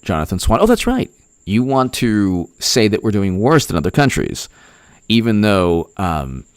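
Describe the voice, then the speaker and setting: A man's voice: on the low side, no room sound, clean studio sound. A man giving a rambling, heated political commentary vlog in a conversational way.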